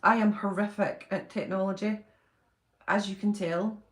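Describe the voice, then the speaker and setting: A woman's voice: mid-range voice, fairly even intonation, moderate pace. Chatty woman on a phone livestream. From United Kingdom. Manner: chatty, reads viewer comments aloud and answers them. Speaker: channel host. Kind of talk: casual livestream chat with viewers. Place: a room in her mother's house.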